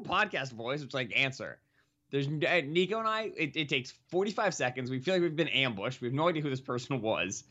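A young man co-hosting a podcast, casually telling a self-mocking story that grows animated. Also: fairly high pitch, a little fast, highs cut off. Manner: animated, self-mocking, rising to laughing exclamations. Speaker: podcast co-host.

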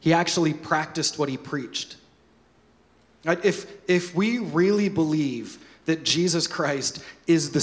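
A man preaching a sermon as pastor, animated, with joking asides and repeated words. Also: a little high.

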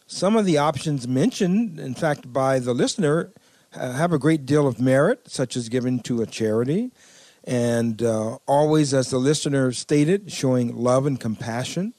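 A man co-hosting a podcast, talking in a calm, reflective way and laughing softly now and then. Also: mid-range voice, moderate pace, no room sound. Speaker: podcast co-host. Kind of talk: relaxed conversational chat.

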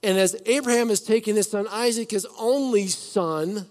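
High-voiced man preaching in a reverberant hall. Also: moderate pace. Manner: animated, swings between loud emphasis and soft hushed lines. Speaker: pastor. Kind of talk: sermon.

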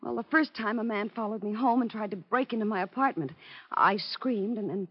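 A woman's voice: mid-range voice, a little fast, breathy edge, natural voice. An actress playing a feisty young woman photographer in danger, in a dull 1940s radio drama recording. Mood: worried. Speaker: restaurant photographer.

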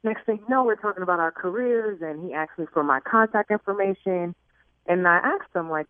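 A woman calling in to a radio show, chatty and animated as she tells a personal story. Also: medium pitch, brisk. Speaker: caller. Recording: tinny phone line.

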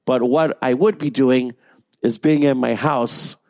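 A man who works as a voice actor, telling animated, self-deprecating stories in a casual interview and swearing freely. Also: medium pitch, unhurried, no room sound. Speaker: voice actor guest.

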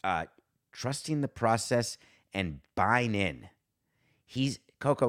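A man's voice: mid-range voice, expressive, normal speed, a bit bright. A man hosting a sports podcast, ranting with sarcasm and indignant rhetorical questions. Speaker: podcast host. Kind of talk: sports talk monologue.

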